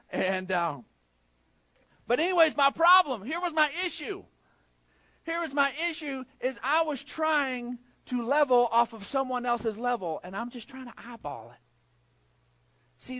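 Middle-aged male preacher, high tenor voice, dry close sound, lively storytelling that swings from loud punch to quiet hush. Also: dry recording. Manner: animated storytelling, swinging from loud emphasis to hushed low tones. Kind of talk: sermon.

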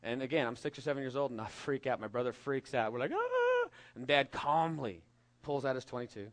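A middle-aged man from California preaching a sermon, telling a lively story with jokes and acting out the voices of the people in it. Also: medium pitch, fast. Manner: storytelling, animated and jokey, acts out voices. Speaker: pastor.

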